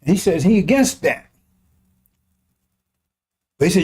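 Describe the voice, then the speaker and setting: A man delivers a sermon on scripture in an impassioned, colloquial way. His voice sits high for a man yet has a dark, mellow tone. He mixes mocking asides in with the verses he reads. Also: expressive, brisk, long pauses, breathy edge. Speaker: preacher.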